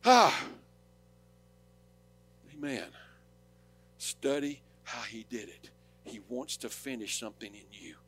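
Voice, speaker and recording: A man with a Southern accent preaching a sermon, rising to loud, urgent declarations and dropping to quiet storytelling. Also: fairly low pitch, expressive, moderate pace, husky. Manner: impassioned, swings from loud preaching to soft storytelling. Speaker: pastor.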